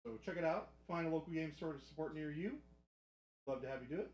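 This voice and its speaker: A man's voice: fairly high pitch, fast, roomy sound, a little hiss or hum. A man hosting a live hobby stream, chatting casually and joking with the chat. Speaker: livestream host. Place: hobby studio.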